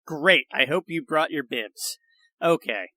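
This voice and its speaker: A man's voice: on the high side, expressive, unhurried, sharp tone, dry recording. A man guesting on a comedy podcast speaks hesitantly, thinking aloud as he goes. The recording is dry and close. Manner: hesitant, lots of fillers. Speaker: guest story reader. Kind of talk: casual podcast chat.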